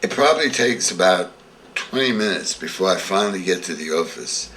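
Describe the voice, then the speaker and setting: A man's voice: low-pitched, lively intonation, brisk, a bit bright, distant mic, slight background noise. An older man telling a vivid story from his past, acting out the scenes as he recalls them. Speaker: interviewee. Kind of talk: storytelling reminiscence.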